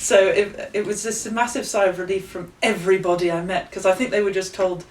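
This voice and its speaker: A young woman telling stories as an author guest in a relaxed interview, laughing often and acting out quoted voices. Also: mid-range voice, fairly quick, distant mic. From England. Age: young adult. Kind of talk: casual interview storytelling. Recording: echoey room, voice off mic.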